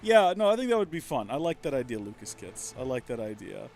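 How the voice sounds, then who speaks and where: A man's voice: mid-range voice, big pitch swings, quick pace, a little mellow, a little hiss or hum. Chatty rambling streamer guy. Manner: chatty, rambling, self-mocking. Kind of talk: casual let's-play commentary.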